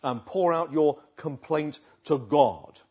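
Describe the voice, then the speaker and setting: A man preaching a sermon, swinging from loud urging to hushed, slow pleading. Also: a little high, expressive, breathy edge. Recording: dull lo-fi recording.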